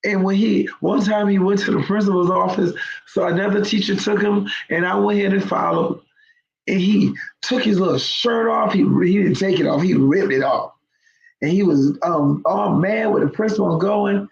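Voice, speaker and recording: A woman's voice: mid-range voice, normal speed, gravelly, a little mellow. A woman hosting her show, telling a story to viewers in an emphatic, conversational way. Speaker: host. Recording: roomy, dull lo-fi sound.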